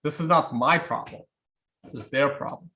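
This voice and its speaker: A man's voice: a little high, normal speed, pushed and bright. Guy from russia doing a live stream chat, wry and offhand, restarts his sentences a lot. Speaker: livestream host. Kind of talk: casual livestream chat answering viewers.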